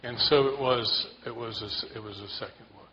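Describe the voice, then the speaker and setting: A man telling a casual, self-deprecating story to a church group in a relaxed way. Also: medium pitch, brisk. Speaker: church member sharing a story. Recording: dull lo-fi sound with faint noise.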